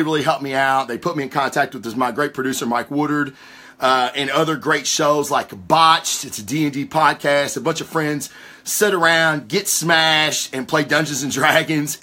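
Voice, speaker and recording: A man hosting a casual comic-book news podcast, rambling and cursing freely as he rants from his home recording spot. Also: a little high. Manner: profane, rambling, excitable. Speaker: podcast host.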